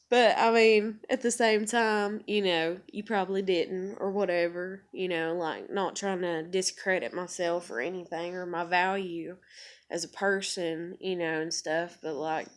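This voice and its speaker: A woman vlogger telling a personal story in a blunt, profane, rambling way, full of fillers and quoted back-and-forth. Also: fairly low pitch. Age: adult parent. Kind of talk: candid personal storytelling to camera.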